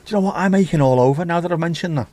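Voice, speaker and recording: A man's voice: on the high side, racing, darkish tone. A man hosting a casual livestream, rambling and joking as he reads comments. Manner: jokey, rambling, sings snatches of songs. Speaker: livestream host. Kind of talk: casual chat reading viewer comments.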